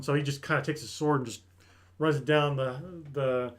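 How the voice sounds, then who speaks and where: A man's voice: medium pitch, normal speed. A man hosting an anime review, casually retelling an episode and briefly voicing the characters as he goes. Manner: animated storytelling that acts out characters' lines.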